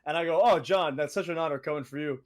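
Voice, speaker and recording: A young man co-hosting a casual podcast, telling stories in an animated way with laughs and quoted voices. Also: fairly high pitch, quick pace. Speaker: co-host.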